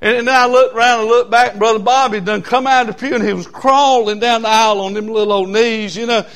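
Folksy preacher, high voice. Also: male voice, fairly even intonation, quick pace, clear, resonant tone. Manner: folksy, swings from hushed asides to shouted hollers. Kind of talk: storytelling sermon.

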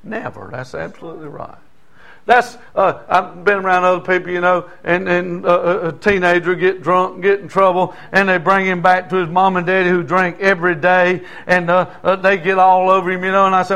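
A man's voice: high-pitched, fairly even intonation, a little fast, creaky, pushed and bright. An older man preaching a sermon in a folksy, conversational way, often asking the congregation "Amen?". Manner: folksy, conversational preaching with call-and-response asides.

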